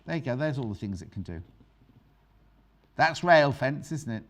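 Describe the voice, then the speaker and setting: A woman's voice: a bass voice, sing-song, normal speed. A middle-aged woman presenting a live TV sewing demonstration as a quilting expert, chatty and bantering with crew and viewers.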